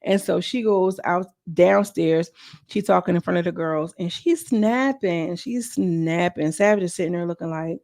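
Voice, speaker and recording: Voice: medium pitch, moderate pace, gravelly, a little mellow, no echo, clean studio sound. A vlogger recapping a reality show in a casual, slangy, gossipy way, talking straight to the viewers. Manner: slangy, chatty, addresses viewers as girl. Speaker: show reviewer.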